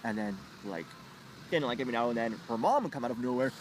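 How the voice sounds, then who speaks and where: A man telling a rambling, profane story, jumping into high put-on voices when he quotes people. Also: fast, background noise. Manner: animated, profane, jumps into squeaky voices when quoting others. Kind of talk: rambling anecdote with acted quotes.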